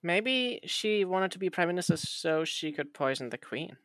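A man's voice: high voice, animated, moderate pace, a bit bright, dry recording. A young man hosting a casual podcast chat, steering it with curious, teasing questions.

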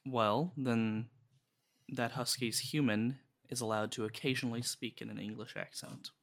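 A young man joking crudely and deadpan as a guest in a casual podcast chat. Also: medium pitch, moderate pace.

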